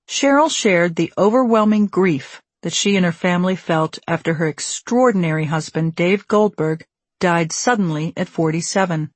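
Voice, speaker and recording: A woman narrating a memoir audiobook in a measured, wry storytelling manner, recorded on a studio microphone. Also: on the low side, dry recording.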